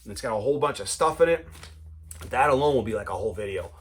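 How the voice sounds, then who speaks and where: A man hosts a casual vinyl collector's vlog, rambling along with easy enthusiasm. His voice sits at an ordinary middle pitch. He pads his talk with friendly fillers like "you know, man.". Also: lively intonation, fast, breathy edge. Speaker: vinyl collector, channel host.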